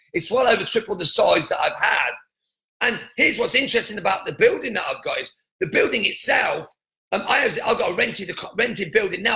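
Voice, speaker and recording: High, bright-voiced man with a gravelly edge. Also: roomy sound, poor audio. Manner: earnest, repetitive, many restarts. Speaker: podcast host. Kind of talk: motivational podcast monologue.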